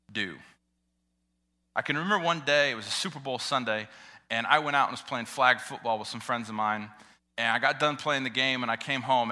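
A young man preaching a sermon, earnest and emotional, swinging between loud swells and quiet drops. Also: mid-range voice. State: tearing up. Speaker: pastor.

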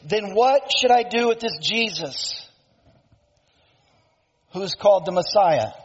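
A man's voice: sits high, expressive, slow. A man voicing a weary male Roman governor who pleads with a mob, in an echoey hall on a dull lo-fi recording. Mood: exasperated.

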